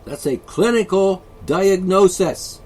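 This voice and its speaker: A man's voice: high-pitched, slow, darkish tone. A man vlogging an angry solo rant, profane, sarcastic and mocking.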